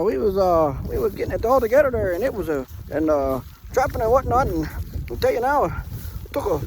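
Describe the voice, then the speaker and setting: A man's voice: sits high, darkish tone, slight background noise, voice pushed up. A man putting on a northern accent as a cold, chatty woodsman who rambles and ends his lines with "eh", outdoors in a snowstorm. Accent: put-on northern accent.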